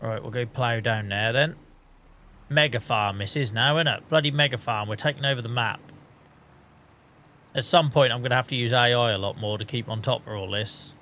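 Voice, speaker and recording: A man streams a farming game and talks through it in loose, mid-pitched chat. He mutters to himself, cracks jokes and swears as he plays. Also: a little fast, bright, forceful tone. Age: adult. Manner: chatty, swearing, joking, mutters while playing. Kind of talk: casual live-stream chat.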